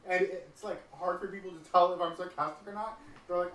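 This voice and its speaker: A man co-hosting a podcast in casual chat, blunt and sarcastic, speaking in a deliberately light voice. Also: sits high, steady tone, fairly bright tone, echoey room, distant mic, poor audio. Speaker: podcast co-host.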